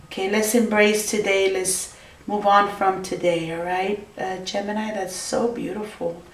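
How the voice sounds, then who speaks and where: Woman tarot reader for a vlog, gushy and reassuring, mid pitch, echoey room, a little off mic. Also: little pitch movement, unhurried, far from the mic. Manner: keeps addressing the viewer by star sign, gushing and reassuring. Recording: roomy, voice from off the mic.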